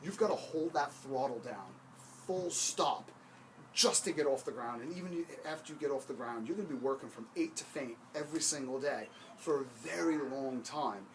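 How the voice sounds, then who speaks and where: Man, motivational talk, emphatic, slightly high voice, faint hiss. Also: low-quality recording. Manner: emphatic, punchy. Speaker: motivational speaker on hiring.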